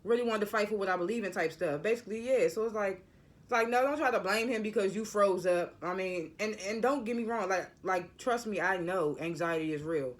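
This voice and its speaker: A man with a notably high voice talks through a TV episode in a loose, rambling way. He stutters and doubles back on his words often, keeping it casual and unscripted. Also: moderate pace, a bit bright. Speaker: TV episode reviewer. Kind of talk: casual spoiler recap.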